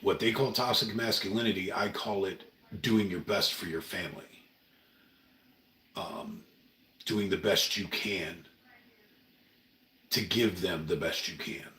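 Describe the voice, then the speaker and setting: A middle-aged man from Oregon, USA, hosts a casual livestream monologue from a room at home, talking in an earnest, rambling, emotional way. His voice is low and sharp in tone, with a measured pace and long pauses. The mic sits at a distance, so the sound is roomy and a bit off-axis.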